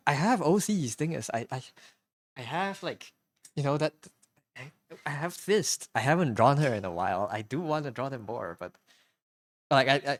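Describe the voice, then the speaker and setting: A man's voice: mid-range voice, no echo. A man streaming live while he draws, talking casually in a hesitant, rambling way, full of restarts and repeated words. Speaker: streamer and artist.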